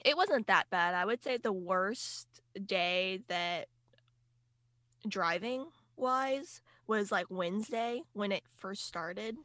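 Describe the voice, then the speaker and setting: Bright-voiced young woman podcast host. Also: medium pitch, slow, no room sound, clean studio sound. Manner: laughing, joking. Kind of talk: casual chat.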